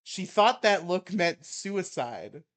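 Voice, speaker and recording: Young guy, kinda high voice, reading a rant out loud all mock-angry, laughing at it. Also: big pitch swings, slow pace. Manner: reads with mock outrage, laughing at his own reading. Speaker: co-host reading an article aloud. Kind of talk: casual chat and comic dramatic reading.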